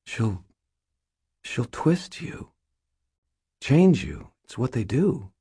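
A man's voice: medium pitch, sing-song, very slow, vocal fry, mellow, breathy edge, voice pushed up, full character voice. A man voicing an earnest, protective young woman apprentice who pleads tearfully with her mentor in an audiobook. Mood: pleading.

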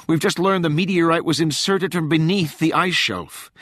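A man's voice: fairly high pitch, normal speed, a bit bright, no room sound, studio quality, voice pushed up. A man doing a frantic young woman agent. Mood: urgent. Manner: breathless, pleading and insistent. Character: frantic young woman intelligence officer, urgent.

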